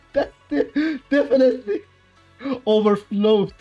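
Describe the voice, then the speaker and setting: A man's voice: very high voice, animated, slow pace, highs cut off, faint music behind. A man from Iran with a Persian accent, his first language being Persian, chatting casually with his chat on a game livestream, laughing often and bantering playfully. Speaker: streamer.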